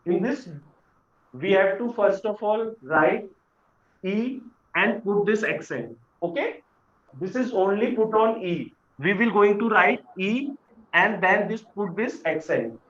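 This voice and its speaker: A high-pitched man teaches beginners in an unhurried, patient way, repeating key words so learners can follow. The recording is roomy and a bit muffled, with a lo-fi edge. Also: animated, a bit bright. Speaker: French teacher. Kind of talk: classroom lesson explanation. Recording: echoey room, dull lo-fi sound.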